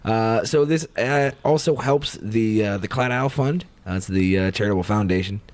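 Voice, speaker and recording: A man hosting a beer podcast, giving details in a measured, matter-of-fact way. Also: lowish voice. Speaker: podcast host. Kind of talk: casual chat.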